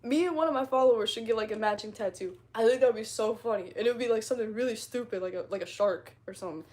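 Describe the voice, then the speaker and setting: Young woman streamer, a little high-pitched, slangy, rambling, quick to laugh. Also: darkish tone. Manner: rambling, slangy, laughs a lot, dramatic retelling. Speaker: streamer chatting with followers. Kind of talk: casual chat.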